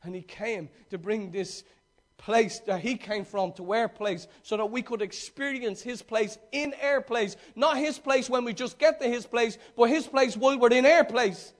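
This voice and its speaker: A man's voice: very high voice, moderate pace, few pauses. A male preacher giving a sermon, retelling a story with emphatic repetition and direct questions to the congregation.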